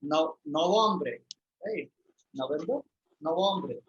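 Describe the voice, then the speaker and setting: A man teaching a live online French lesson, patiently repeating words slowly for his students. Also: on the high side, lively intonation, a bit bright, dull audio, slight background noise.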